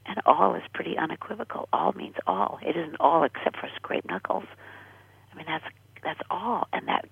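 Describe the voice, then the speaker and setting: An older American woman tells her personal story as a radio interview guest. She speaks earnestly and often sinks to a breathy near whisper. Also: fairly low pitch, moderate pace, dry recording. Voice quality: husky, gravelly, breathy. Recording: dry tinny phone-line radio sound.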